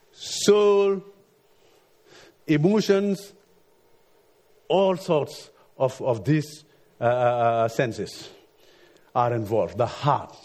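Halting preacher man, frequent restarts. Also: fairly high pitch, a little mellow. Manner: halting, repeats words, frequent "you see". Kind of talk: sermon with personal story.

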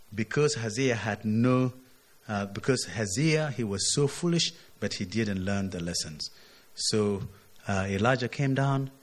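A man preaching a sermon, walking through a scripture passage, often asking his listeners "isn't it?" and lifting his voice when he quotes the text. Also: fairly low pitch. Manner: expository, asks "isn't it?", surges loud on quotes.

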